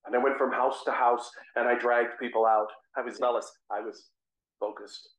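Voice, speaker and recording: A man playing the apostle Saul in a first-person dramatic monologue, telling the story earnestly with measured, dramatic pauses. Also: medium pitch, fairly even intonation, fairly bright tone, natural voice. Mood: zealous. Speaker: guest speaker. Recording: roomy echo.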